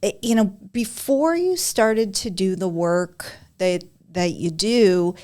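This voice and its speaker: A woman's voice: mid-range voice, takes it slowly, mellow. A woman co-hosting a podcast in casual conversation, effusive and enthusiastic. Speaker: podcast co-host.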